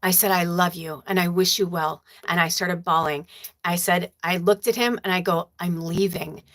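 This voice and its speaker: Her voice is lowish and steady with a fairly bright tone, moving at a moderate pace. She's a spiritual medium running a livestream, reading viewer comments aloud and speaking casually, emotionally and with profanity, tearful at times.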